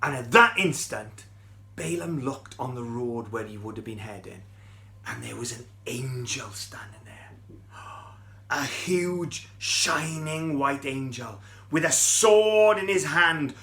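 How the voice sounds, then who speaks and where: A man's voice: mid-range voice, expressive, slow, sharp tone. A middle-aged man, telling a Bible story to children in a chatty, playful way and asking them questions.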